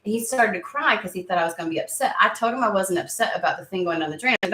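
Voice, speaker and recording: A woman's voice: mid-range voice, lively intonation, racing, hardly any pauses, a bit bright, reverberant, slight background noise. A woman in her thirties chatting casually to camera as a tarot channel host, rambling with lots of fillers and restarts.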